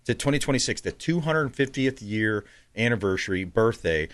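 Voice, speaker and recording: A man's voice: mid-range voice, expressive, normal speed. A man hosting a casual talk show, chatty and folksy, often laughing as he talks. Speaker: host.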